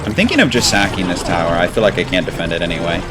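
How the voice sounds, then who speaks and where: With music playing in the background, a man racing through his words in a low voice casually commentates live on his own gameplay. He calls out his plays, cheers the key moments, and bursts into excited chanting at the biggest ones.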